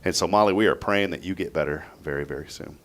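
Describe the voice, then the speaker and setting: A man's voice: sits low, quick pace. A man hosting a morning radio show, chatting in an upbeat, rambling way. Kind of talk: casual radio chat.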